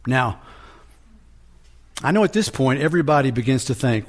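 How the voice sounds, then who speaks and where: A man preaching a sermon, teaching from scripture in a deliberate manner with frequent restarts. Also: mid-range voice, lively intonation.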